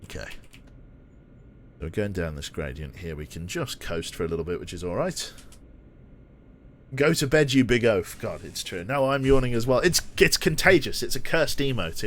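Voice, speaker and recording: Playful British streamer, lively pitch. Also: male voice. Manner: playful, self-mocking, yawning and laughing at chat. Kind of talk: casual live-stream commentary.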